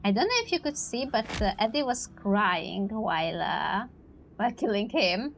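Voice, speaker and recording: A woman's voice: mid-range voice, big pitch swings, moderate pace, vocal fry, slight background noise. A woman streaming a story game, reading its dialogue aloud and commenting on it. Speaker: gaming streamer. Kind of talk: let's play commentary.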